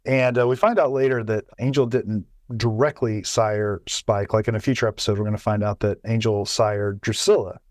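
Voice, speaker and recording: A man's voice: fairly low pitch, fairly even intonation, normal speed, few pauses, dry recording. Guy chatting on a tv podcast, keeps restarting his sentences, dry mic. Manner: chatty, many restarts and repeated words. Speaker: podcast co-host. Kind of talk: casual chat.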